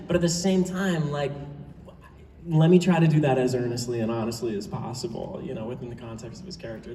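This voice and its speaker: A man's voice: mid-range voice, fairly even intonation, a little fast, mellow, slight background noise. A man, a voice actor, answering questions on a convention panel, laughing often and talking earnestly, recorded from the audience on a phone. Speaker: voice actor guest. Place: large convention hall. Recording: echoey hall, far off.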